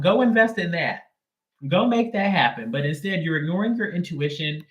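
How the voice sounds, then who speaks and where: A man's voice: a little high, lively intonation, moderate pace, reverberant. A man giving a casual live tarot reading in a sassy, slangy, emphatic way. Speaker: tarot reader.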